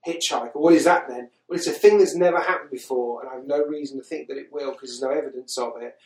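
A man's voice: medium pitch, quick pace, echoey room, poor audio. A man hosting a podcast, recapping a film in casual chat with exasperated, sweary incredulity. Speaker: podcast host.

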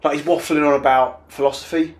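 A man co-hosting a casual film review podcast in a chatty way, often agreeing with a quick "yeah.". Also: a little high, steady tone. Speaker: podcast co-host.

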